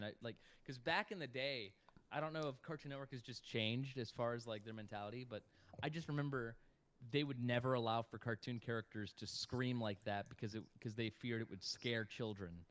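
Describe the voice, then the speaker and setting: A man's voice: medium pitch, a little fast, fairly bright tone. A man who works as a voice actor, chatting casually on a livestream, swearing now and then and laughing often. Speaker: voice actor guest.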